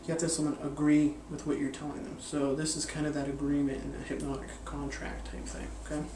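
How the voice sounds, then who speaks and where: A man's voice: a little high, monotone, quick pace, echoey room, distant mic, background noise. A man explaining a mind-reading card technique in a loose, rambling way, with lots of fillers and restarts. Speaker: magic and hypnosis instructor. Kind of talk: casual instructional explanation.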